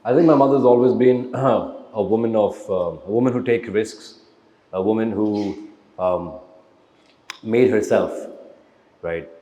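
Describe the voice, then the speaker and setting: A man's voice: lowish voice, a little slow, long pauses, mellow, roomy sound, long reverb tail, lo-fi sound. A man answering audience questions in a blunt, motivational way, tagging lines with "right?" and "man". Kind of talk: casual live Q&A talk. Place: event hall with live audience.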